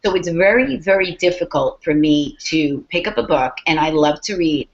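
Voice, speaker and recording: A woman author chatting casually in an interview, telling animated stories with plenty of profanity and acted-out quotes. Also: deep voice, moderate pace. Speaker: author guest. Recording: dull lo-fi podcast audio.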